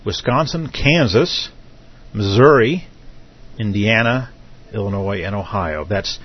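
A middle-aged man hosting a live internet radio talk show, speaking in a halting way full of filler hesitations. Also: fairly low pitch, slightly rough. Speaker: host. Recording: dull lo-fi audio with faint noise.

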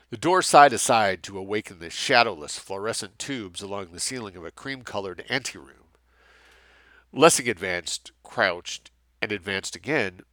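A man narrating a thriller novel with a lot of lift and fall in his voice. His low voice has a bright edge. The recording is close and dry. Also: no room sound. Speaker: audiobook narrator. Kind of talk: scripted narration.

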